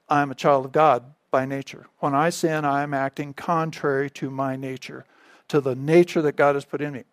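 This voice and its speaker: A man's voice: fairly high pitch, no echo. A man preaching as a pastor, teaching in an emphatic way, repeating key phrases and checking in with the listeners. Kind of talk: sermon teaching.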